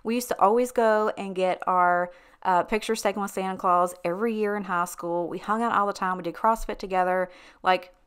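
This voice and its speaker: A woman's voice: medium pitch, brisk, clean tone. A woman vlogger telling a story in a chatty, casual way, often breaking into laughter. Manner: chatty, laughs between lines, animated retelling. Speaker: lifestyle vlogger.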